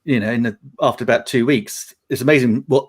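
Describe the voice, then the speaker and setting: A man's voice: mid-range voice, brisk, breathy edge. A middle-aged man from England, chatting on a live panel and telling anecdotes with frequent laughter. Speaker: panel guest. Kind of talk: casual chat.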